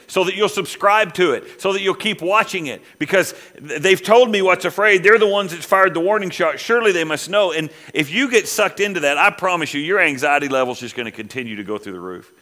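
A middle-aged man preaching a sermon, rising loud when he quotes scripture and dropping to quiet asides. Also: sits high. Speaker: pastor.

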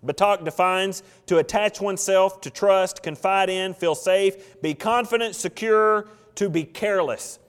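Male pastor, conversational preacher, high-ish voice, long church reverb. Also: a little slow, hardly any pauses, smooth. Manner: conversational preaching, acts out quoted prayers. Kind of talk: expository sermon. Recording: long reverb of a large hall.

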